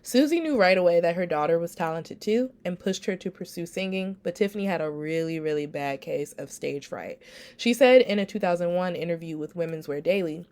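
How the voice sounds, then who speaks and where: Woman podcast host, somewhat low voice, congested from a cold, chatty and familiar, recorded without a real microphone. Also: animated, a little fast, a little mellow. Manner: chatty and familiar, addresses listeners as y'all. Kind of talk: casual storytelling podcast. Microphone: recorded without a proper microphone.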